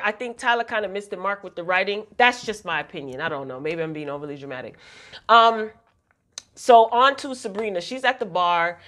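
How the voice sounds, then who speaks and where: A woman's voice: a little high, fairly bright tone. A woman reviewing a TV episode in a casual vlog, chatty and opinionated, often exasperated with the writing. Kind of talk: casual recap commentary.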